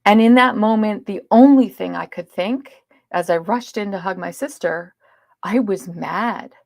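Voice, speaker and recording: A woman speaking as a podcast guest, telling a personal story in an earnest way, swinging between loud emphasis and hushed asides. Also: medium pitch, a little slow, creaky, no room sound, studio quality.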